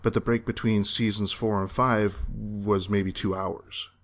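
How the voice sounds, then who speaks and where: A man's voice: fairly low pitch, flat delivery, measured pace. A man co-hosting a podcast, chatting casually and rambling as he corrects himself on details. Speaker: podcast co-host reviewing a TV series. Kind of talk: casual chat.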